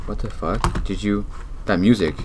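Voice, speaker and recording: Over a noisy background, a deep-voiced gamer plays a horror game at a moderate pace. The let's-play commentary is jumpy, with frequent swearing and lots of talking to himself.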